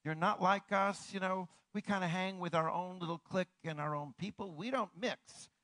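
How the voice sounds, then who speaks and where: Pastor guy preaching, kinda high voice, goes hushed then booming, dry close sound. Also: normal speed, no room sound, rough recording. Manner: animated, swings from hushed to ringing declarations. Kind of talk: sermon.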